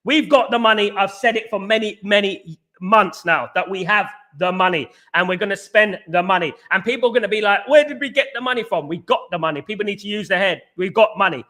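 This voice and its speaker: A middle-aged man from England hosting a casual live stream, reading chat and giving emphatic, repetitive shout-outs. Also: sits high, brisk.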